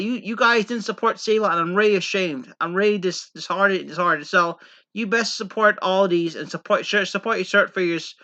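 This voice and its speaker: Vlogger, male, from Pennsylvania coal country: very sharp, bright tone, repetitive and earnest, lo-fi audio. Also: sits high. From Pennsylvania coal region, USA. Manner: rambling, repetitive, earnest, many false starts. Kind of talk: casual rambling monologue to camera.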